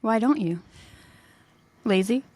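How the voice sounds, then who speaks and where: A young adult woman co-hosting a podcast, telling stories in a lively way and laughing as she goes. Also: fairly high pitch, slow. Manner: animated storyteller, laughs mid-sentence. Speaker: podcast co-host. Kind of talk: casual chat.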